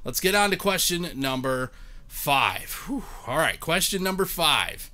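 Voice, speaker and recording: A man's voice: a little high, sing-song, measured pace, pushed and bright. A man in his thirties hosting a live-streamed game show, joking and chatting with viewers by name.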